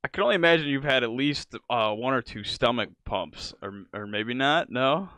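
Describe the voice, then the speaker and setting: A man's voice: mid-range voice, lively intonation, normal speed, bright, forceful tone, clean tone, no room sound. A man hosting a casual podcast interview, asking easygoing questions and laughing often. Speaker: podcast host.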